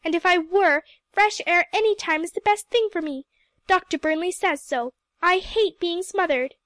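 A woman's voice: high voice, normal speed, dry recording, natural voice. A woman voicing a homesick, dreamy teenage girl who pleads and rebels, read in a storybook.

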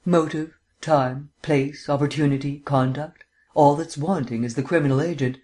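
A man's voice: fairly high pitch, fairly even intonation, normal speed, darkish tone, natural voice. Audiobook: male narrator as a languid, learned sleuth who lectures at length, mannered drawl. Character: languid erudite male amateur detective. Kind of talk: audiobook character reading.

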